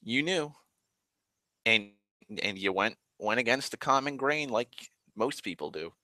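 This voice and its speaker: A man's voice: on the low side, animated, normal speed, sharp tone, no room sound. A man rambling in a casual, profane monologue, ranting and complaining at length. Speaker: vlogger.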